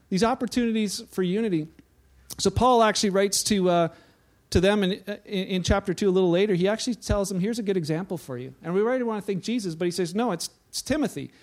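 A male pastor with a notably high voice delivers a sermon. He talks in a loose, conversational manner, often restarting his sentences, and acts out the little stories he tells. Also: a little mellow. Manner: conversational, with acted-out anecdotes and frequent restarts.

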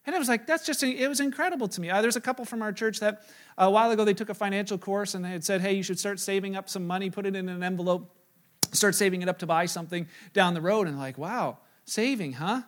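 A middle-aged male pastor with a fairly high voice preaches to his congregation. He tells stories with animated energy, acts out what he said and thought, and pokes fun at himself along the way. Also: fast. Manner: animated storytelling, acts out his own quoted lines, self-mocking. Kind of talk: sermon with personal story.

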